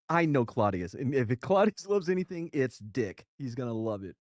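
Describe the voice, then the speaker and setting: A man's voice: mid-range voice, normal speed, no echo, clean studio sound. A man, a military veteran co-hosting a podcast, telling a war story in profane casual chat and acting out the people in it. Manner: profane, animated war storyteller doing voices. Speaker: co-host, veteran.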